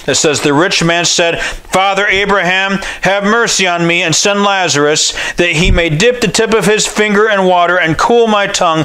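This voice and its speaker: Bright-voiced preacher guy, folksy revival sermon, builds up to shouting. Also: fairly high pitch, poor audio. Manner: impassioned, rising to shouts on repeated phrases; folksy and conversational.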